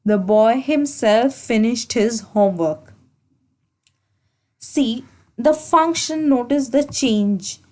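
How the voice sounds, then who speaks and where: A woman teaching an English grammar lesson for exam preparation, explaining slowly and deliberately, repeating key points and correcting herself as she goes. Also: a little high, a little mellow. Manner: slow, deliberate explaining with repetition and self-corrections.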